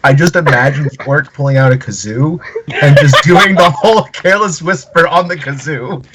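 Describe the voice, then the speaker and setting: Deadpan man player, noisy mic. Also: fairly high pitch, moderate pace. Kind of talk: casual tabletop game chat.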